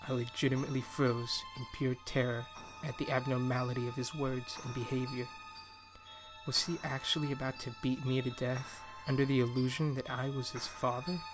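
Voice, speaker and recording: A man narrating a horror story in a measured, steady storytelling delivery. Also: mid-range voice, over music.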